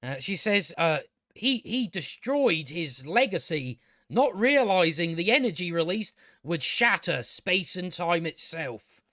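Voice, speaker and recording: A man's voice: high voice, very animated, a little slow, pushed and bright, dry recording, clean studio sound. A man giving a rambling, exasperated and profane casual review of a TV show as host of his own channel. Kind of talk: casual spoken review commentary.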